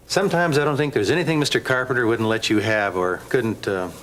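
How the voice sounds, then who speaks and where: An actor playing an easygoing physical therapist in a TV drama, speaking calmly. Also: male voice, medium pitch, fairly quick, lightly acted, poor audio. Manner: calm and easygoing. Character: easygoing, self-aware male physical therapist. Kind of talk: daytime TV drama acting.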